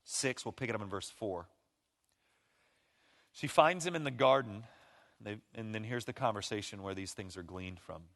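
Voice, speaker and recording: A man preaching a sermon as pastor, animated, acting out the voices of the people he quotes. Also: fairly low pitch, normal speed, creaky, pauses often. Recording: long reverb of a large hall.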